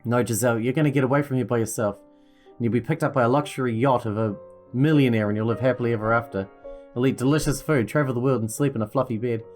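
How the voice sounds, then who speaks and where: A man voicing a frail, kind young girl in a visual novel, speaking softly and gently. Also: medium pitch, fast, soft background music, lightly acted. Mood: tender. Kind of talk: reading a visual novel aloud.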